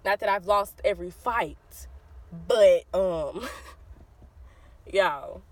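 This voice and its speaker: A woman with a Southern US accent telling a childhood story to her viewers in a casual, animated way, acting out the voices of the people in it. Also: mid-range voice, takes it slowly, dry recording, poor audio. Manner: animated, addresses viewers as y'all, acts out quoted voices.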